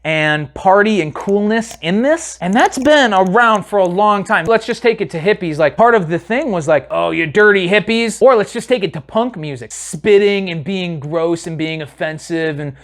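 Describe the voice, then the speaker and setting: A man giving a casual, animated commentary on a music video, talking straight to his viewers and swearing now and then. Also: sits high, normal speed, few pauses.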